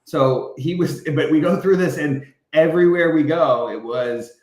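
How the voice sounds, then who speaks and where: A man's voice: a little high, normal speed, a little mellow, reverberant. A man co-hosting a fantasy sports podcast, telling a road-trip story in a casual, emphatic way. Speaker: podcast co-host. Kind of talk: casual chat.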